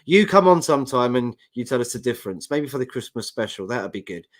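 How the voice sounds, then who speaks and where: A man's voice: mid-range voice, big pitch swings, quick pace. Man, London accent, casual football banter, mid-range voice, reading viewer comments. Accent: London English. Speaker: football podcast co-host. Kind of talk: casual chat.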